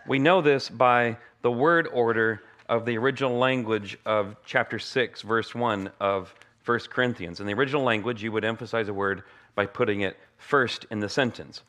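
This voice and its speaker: American pastor preaching and praying. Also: male voice, lowish voice, normal speed, few pauses, a bit bright. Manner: earnest, conversational preaching with humorous asides. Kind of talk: sermon with opening prayer.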